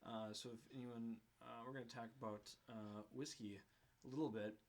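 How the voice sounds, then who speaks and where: A man's voice: mid-range voice, steady tone, darkish tone. Easygoing young man chatting. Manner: rambling, halting with fillers and restarts. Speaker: podcast co-host. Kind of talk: casual chat.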